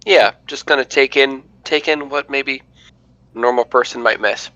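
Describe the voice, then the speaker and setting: A man playing in a tabletop game, describing his character's actions in a measured, thoughtful way. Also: medium pitch, sharp tone, dry recording, dull audio. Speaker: player. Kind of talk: tabletop role-play chat.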